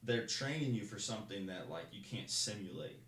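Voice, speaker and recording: A young man casually telling stories in a rambling way, restarting sentences and acting out shouted lines. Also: on the low side, animated, a little fast, reverberant. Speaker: guest. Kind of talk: casual storytelling.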